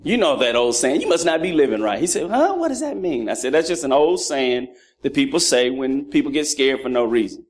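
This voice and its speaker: A man's voice: mid-range voice, brisk. A man in his thirties preaching a sermon, mixing funny stories about his sons with lessons on fatherhood. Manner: animated, acts out voices of his children. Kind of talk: sermon with humorous family stories.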